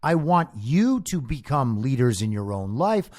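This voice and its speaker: A man's voice: mid-range voice, very animated, unhurried, darkish tone. A man hosting a political commentary show, delivering an earnest, emphatic solo monologue.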